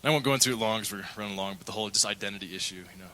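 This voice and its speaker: A man's voice: fairly low pitch, racing, bright, forceful tone, a little hiss or hum, low-quality recording. A middle-aged male pastor preaching a sermon, telling a candid personal story and acting out the quotes. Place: church.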